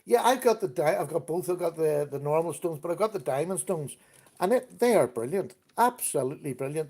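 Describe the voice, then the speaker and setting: A man's voice: on the high side, expressive, brisk, a little mellow. A middle-aged man hosting a casual live stream, chatting easily and greeting viewers by name. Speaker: livestream host.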